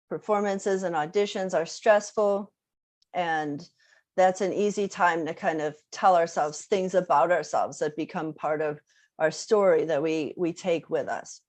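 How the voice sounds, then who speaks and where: A woman's voice: lowish voice, a little mellow. A woman music teacher giving a casual workshop talk, conversational, with many fillers and tag questions. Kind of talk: casual online presentation.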